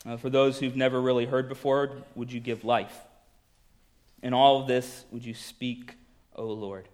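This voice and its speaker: A man preaching a sermon in a conversational way, telling the story with lively acted-out quotes. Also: medium pitch, unhurried.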